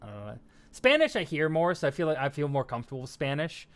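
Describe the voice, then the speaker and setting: Here the same kind of casual stream chat comes from a young American man with a fairly high, fairly bright voice that swings hugely in pitch and moves a little fast. He rambles, laughs, fills gaps with fillers, and keeps running himself down while going through viewer comments.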